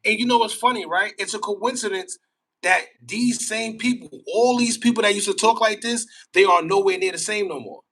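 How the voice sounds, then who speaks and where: Wry conspiratorial host, high voice. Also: male voice, normal speed, fairly bright tone, low-quality recording. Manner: conspiratorial, wry, rhetorical questions. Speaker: podcast host. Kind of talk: casual commentary.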